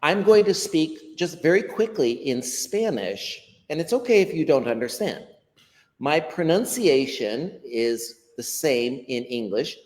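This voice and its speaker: An American man, a language educator, explaining pronunciation in an interview in a lively teacherly way. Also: on the high side, measured pace, long reverb tail. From United States. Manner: animated teacherly explaining, acts out quotes. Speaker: ESL educator, guest.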